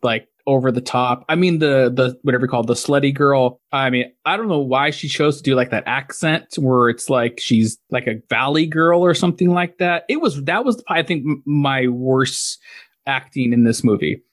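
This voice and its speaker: A man hosting a casual movie review podcast, rambling and relaxed, full of "like" and "you know.". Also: medium pitch, moderate pace. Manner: relaxed, rambling, filler-heavy. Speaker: podcast host.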